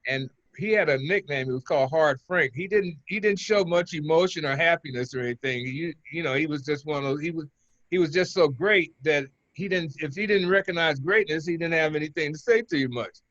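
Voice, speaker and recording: An older man from Oakland, a former pitcher, telling rambling stories as an interview guest. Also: brisk, no room sound, dull audio. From Oakland, California. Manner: relaxed, rambling, chuckles between stories. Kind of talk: casual interview storytelling.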